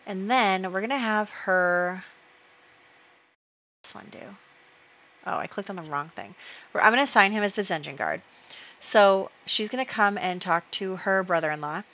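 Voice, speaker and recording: A woman's voice: lowish voice, pushed and bright, highs cut off. A woman hosting a let's play, chatting casually as she narrates her game moves with fillers and small laughs.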